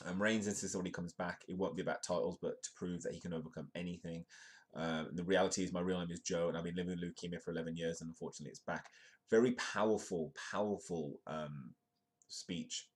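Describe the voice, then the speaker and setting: A man hosting a live comedic news stream, reading articles aloud and rambling through them with lots of ums and restarts. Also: deep voice.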